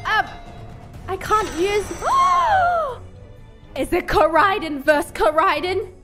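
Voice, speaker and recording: Excitable high-voiced woman gamer. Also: a little slow. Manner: loud gasping exclamations. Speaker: gaming YouTuber. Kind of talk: excited let's-play reaction. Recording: game music behind voice.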